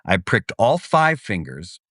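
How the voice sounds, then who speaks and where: A middle-aged man co-hosting a podcast, telling stories with lively energy and swearing freely. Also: lowish voice, slow pace, no room sound, clean studio sound. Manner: lively storyteller, acts out voices, swears freely. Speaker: podcast co-host. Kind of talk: casual chat, animated storytelling.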